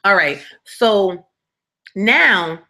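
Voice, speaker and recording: A woman hosting a live story-time stream, telling a personal story in an animated, blunt and profane way and often checking in with "right?". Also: medium pitch, drawn-out words. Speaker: storyteller, channel host.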